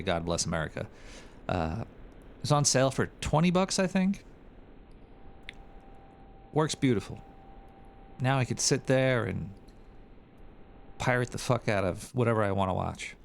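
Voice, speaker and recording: Gravelly, rambling crude male host. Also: fairly low pitch, slight background noise. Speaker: show host. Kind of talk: casual livestream chat.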